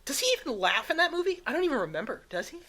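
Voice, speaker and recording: A woman's voice: high-pitched, big pitch swings, racing, bright, forceful tone. A young woman co-hosting a casual podcast, chatty and rambling with lots of fillers, into a studio microphone. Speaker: podcast co-host.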